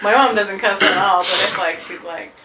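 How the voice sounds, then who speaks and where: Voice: medium pitch, moderate pace, reverberant, crowd noise. A podcast co-host in casual chat, teasing and laughing while acting out quotes.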